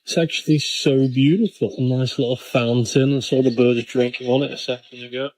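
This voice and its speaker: A man's voice: mid-range voice, steady tone, a little fast, darkish tone, no room sound, low-quality recording. A man tours a small town square and admires what he sees in a cheerful, easy way. His voice sits in a medium register. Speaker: travel vlogger. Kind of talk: walking vlog narration.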